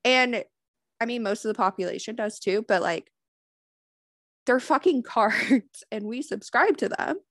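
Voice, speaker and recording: A woman's voice: on the high side, expressive, unhurried, a bit bright, no echo, clean studio sound. A woman giving a casual spiritual talk, swearing freely and leaning on "like" as she speaks. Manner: casual, profane, many "like" fillers.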